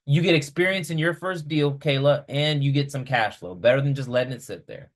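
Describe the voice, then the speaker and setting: A man voicing an eager young woman investor making a persuasive pitch to a friend. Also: fairly quick, close to an everyday voice. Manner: persuasive, upbeat.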